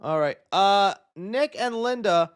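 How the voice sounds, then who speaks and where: A young man hosts a casual live show, talking in a somewhat high voice. He reacts loudly and excitedly to what he reads. His talk is loose and friendly, full of "dude.". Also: slow, clear, resonant tone. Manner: excitable, loud reactions, says "dude" a lot. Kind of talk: casual livestream chat.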